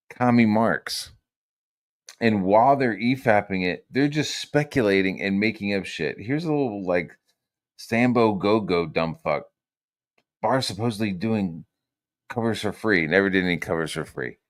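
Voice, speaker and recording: A man streams casual commentary, rambling and swearing as he swings between loud rants and low mutters.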